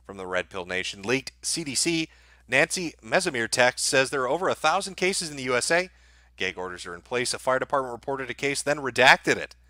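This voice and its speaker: A man's voice: mid-range voice, sing-song, fairly quick, pushed and bright, no room sound, clean studio sound. A man hosting a livestream, reading viewer donations and answering them in sardonic, profane commentary. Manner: sardonic, blunt, swears freely.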